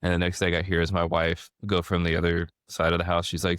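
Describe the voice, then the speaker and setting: Man, thirties, podcast host, very low voice, dry close sound, animated storytelling, casual. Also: fairly quick, few pauses, smooth, no echo. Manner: animated storyteller, frequent restarts. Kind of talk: casual conversation.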